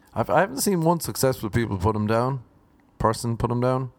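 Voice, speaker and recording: A man's voice: mid-range voice, animated, fairly quick, creaky, no echo. A man from Cork with an Irish accent, telling comic stories in a rambling, sardonic way and swearing freely. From Ireland, Cork. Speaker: comedian. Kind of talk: comic monologue.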